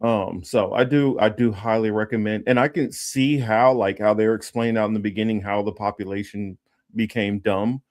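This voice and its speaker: A man with a lowish voice hosting a casual political livestream. He rambles with lots of ums and restarts, breaking off to read news items aloud. The sound is dry and close, with no room around it. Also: steady tone, moderate pace, darkish tone, no room sound. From Los Angeles area. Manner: rambling, many fillers and restarts; reads news text aloud. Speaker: political commentary host.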